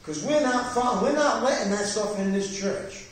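A man's voice: high voice, moderate pace, a little hiss or hum. A man pastor leading a Bible study sermon in a church, preaching fervently with rising emphasis. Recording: echoey church hall, distant mic.

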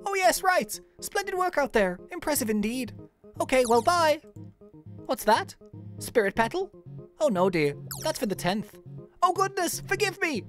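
A fussy, motherly old spirit bear, as a woman puts her on, with a put-on Irish lilt, reading game lines in a high, fluttery, sing-song voice much higher than her usual one. She swoops up and down and keeps calling the player dear, with light background music. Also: big pitch swings, moderate pace. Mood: fussy, doting. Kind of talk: reading game dialogue aloud in a voice.

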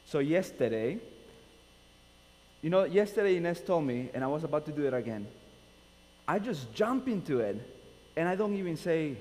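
In a church sanctuary, a pastor with a Nicaraguan Spanish accent welcomes his congregation, prays, and opens a sermon in a friendly, casual, joking and self-deprecating way. His mid-range voice is animated and somewhat dark, at a normal speed. The echoey hall carries a faint hum.

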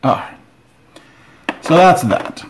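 A man hosting a board game channel, giving casual unboxing commentary with excitable, joking asides. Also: drawn-out words.

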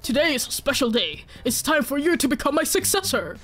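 A woman's voice: sits high, very animated, fairly quick, a bit bright, soft background music. A woman voicing an old, frail raccoon elder while reading game dialogue aloud, giggling through the lines. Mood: giggly.

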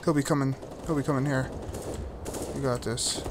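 A man giving live commentary on his own shooter game, excitable and self-mocking, who breaks into sudden whoops and cheers. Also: medium pitch, moderate pace, slight background noise. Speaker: gaming YouTuber. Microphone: desktop USB microphone. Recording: game gunfire loud behind voice. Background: shooter game gunfire and effects.

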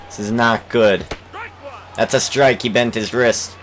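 A young man giving let's play commentary on a baseball game, swearing and shouting in frustration at his team. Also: medium pitch, steady tone, measured pace, soft background music, rough recording. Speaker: gaming channel host.

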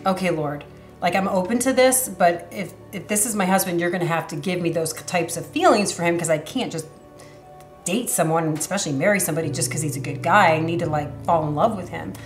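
A woman's voice: lowish voice, brisk, roomy sound. Woman telling a testimony over music. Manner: earnest, emotional storytelling with many fillers. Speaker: church member sharing her testimony. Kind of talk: personal testimony interview.

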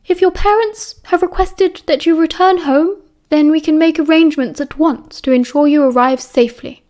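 A woman's voice: high-pitched, normal speed, a little mellow, voice pushed up, lightly acted. A woman with a British accent voicing a stern, tired older woman professor in an audiobook, her voice thin and strained.

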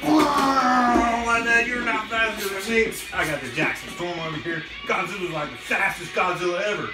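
A man voicing a slow, bragging giant male monster lizard in a playful, taunting toy play voice. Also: sits high, echoey room, recorded from a distance, loud music behind the voice, voice pushed up, lightly acted.

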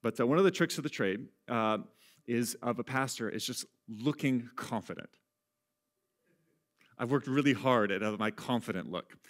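A man preaching a sermon as pastor, conversational and self-deprecating, often laughing at himself, and swinging from quiet, hushed lines to loud, raised ones. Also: medium pitch, normal speed.

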